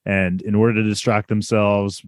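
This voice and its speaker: A man's voice: lowish voice, little pitch movement, moderate pace, no echo, clean studio sound. A man co-hosting a casual recap chat about a cartoon, explaining things at length with lots of fillers. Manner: rambling, filler-heavy explaining. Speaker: podcast co-host.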